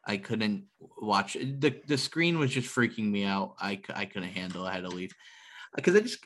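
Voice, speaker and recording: A man's voice: mid-range voice, fairly bright tone. A man co-hosting a casual podcast, talking loosely with lots of restarts and fillers. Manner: rambling, many restarts and fillers. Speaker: podcast co-host. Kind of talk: casual chat.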